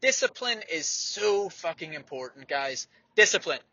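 A man's voice: fairly high pitch, sing-song, normal speed, pushed and bright, slightly rough, no echo, muffled recording. A man, a distance runner, giving blunt, fired-up training advice with frequent swearing in a motivational monologue.

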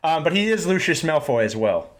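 A man hosting a podcast, talking casually with halting restarts and self-deprecating humor. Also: a little high, very animated. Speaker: host.

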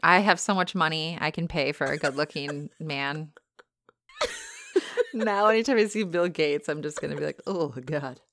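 A woman's voice: sits low, moderate pace, a bit bright, slight background noise. A woman co-hosting a podcast in casual chat, teasing and skeptical, giggling often. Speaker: podcast co-host.

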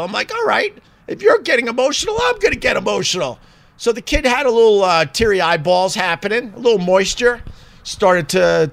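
A man's voice: sits high, fairly bright tone. A man in a rambling, chatty commentary full of fillers. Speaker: vlogger. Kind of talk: casual commentary.

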